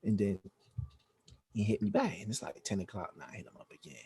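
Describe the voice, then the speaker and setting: A man's voice: on the low side, fast, vocal fry, slightly rough. A man, a podcast guest, telling a story in a casual interview, acting out the dialogue with lots of slang and swearing. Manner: animated, acts out quoted dialogue, heavy slang and swearing.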